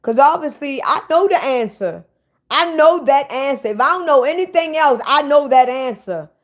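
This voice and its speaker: A woman's voice: sits high, expressive, normal speed. A woman hosting a casual livestream, bluntly ranting and swearing at viewers in the chat. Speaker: livestream host.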